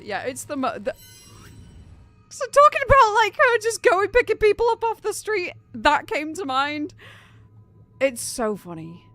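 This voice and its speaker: A young British woman chatting casually on a game live stream, animated and incredulous, laughing often. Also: high voice, measured pace, dry recording, faint music behind.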